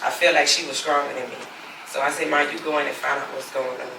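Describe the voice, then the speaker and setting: A mother speaks candidly in her own gravelly voice, slipping into the voices of the people she spoke to on the phone. The sound is roomy and echoing, picked up from some distance, with steady noise underneath. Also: deep voice, quick pace. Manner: candid, acts out the phone calls with quoted dialogue. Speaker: mother telling her story. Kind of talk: personal testimony for a documentary. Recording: echoey room, distant mic, background noise.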